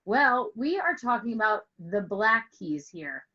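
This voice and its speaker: A woman's voice: mid-range voice, big pitch swings, a little slow, pushed and bright, lo-fi sound. A woman music teacher telling a playful story to explain a lesson, asking questions and stretching words for emphasis over an online call. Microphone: online call with screen share.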